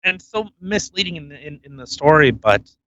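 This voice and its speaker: A man's voice: a little high, sing-song, normal speed, sharp tone, lo-fi sound. A man hosting a podcast in casual chat, full of provocative jokes and banter. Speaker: podcast host.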